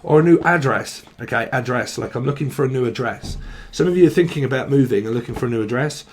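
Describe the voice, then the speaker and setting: A man's voice: medium pitch, fast talker. A man giving a casual tarot reading in a loose, playful way, joking and wandering off on tangents. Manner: playful, jokey, slips into silly regional voices and laughs often. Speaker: tarot reader.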